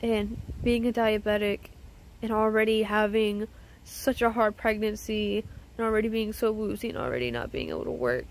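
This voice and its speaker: A woman vlogger talking to camera in a personal video diary, close to tears, halting with many pauses and restarts. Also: mid-range voice, a little hiss or hum, poor audio.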